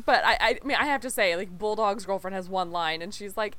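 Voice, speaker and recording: A woman co-hosting a podcast, chatting casually and laughing often, quick to agree. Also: mid-range voice, a bit bright, no room sound. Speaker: podcast co-host. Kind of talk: casual chat.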